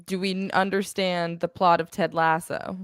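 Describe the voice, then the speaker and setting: A woman's voice: lowish voice, little pitch movement, normal speed, smooth, no room sound, studio quality. A woman co-hosting a casual market-news podcast, explaining points plainly and raising questions. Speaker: podcast co-host.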